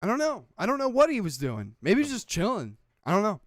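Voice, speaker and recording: A man's voice: high-pitched, huge pitch swings, brisk, dry recording. A man co-hosting a podcast, telling stories in rambling casual chat full of filler words and swearing. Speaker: podcast co-host.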